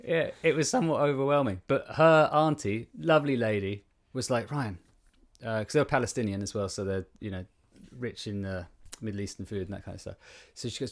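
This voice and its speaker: A young man co-hosting a casual podcast, telling stories in an animated, exasperated way. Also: lowish voice, brisk. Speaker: podcast co-host. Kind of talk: casual chat. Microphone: studio condenser mic.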